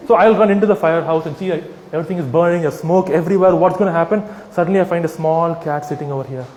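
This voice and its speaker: High-voiced man, echoey hall. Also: racing, hardly any pauses. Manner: animated, mocking, addresses the crowd directly. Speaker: speaker addressing an audience. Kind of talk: persuasive public talk. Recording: echoey hall with faint background noise.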